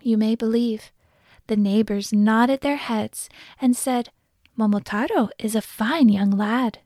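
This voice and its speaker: Gentle woman reading a storybook. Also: fairly high pitch, no echo, studio quality. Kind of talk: scripted storybook narration.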